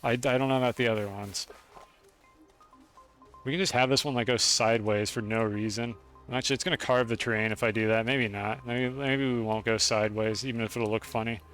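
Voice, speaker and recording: A man's voice: medium pitch, fairly even intonation, brisk, fairly bright tone, soft background music. A young man streaming a video game, chatting casually with his chat and swearing freely while he plays. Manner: chatty, profane, talks to chat.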